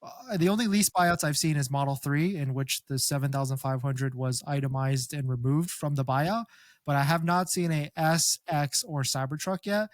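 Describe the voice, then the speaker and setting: A man speaking as an expert guest, explaining car-buying tips in a casual, animated way and acting out customers. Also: a little high, no room sound, clean studio sound. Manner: animated, quick explainer who acts out customers. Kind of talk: casual conversational advice.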